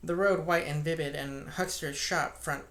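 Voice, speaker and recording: Woman steadily reading a classic novel aloud. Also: sits low. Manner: steady, measured narration. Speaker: audiobook reader.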